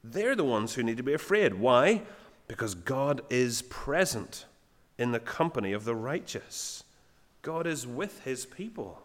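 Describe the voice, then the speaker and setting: A man giving a sermon in a plain conversational way, often pausing with fillers. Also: medium pitch, a bit bright, in a large hall. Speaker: preacher.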